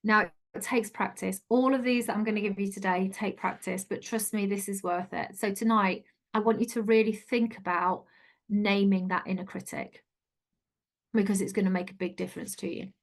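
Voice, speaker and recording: A woman's voice: mid-range voice, steady tone, moderate pace. Woman in midlife coaching online, chatty and encouraging, medium voice. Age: middle-aged. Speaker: life coach.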